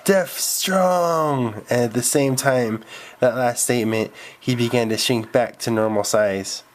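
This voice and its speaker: A man's voice: medium pitch, level tone, normal speed. A man telling an improvised story, rambling with restarts.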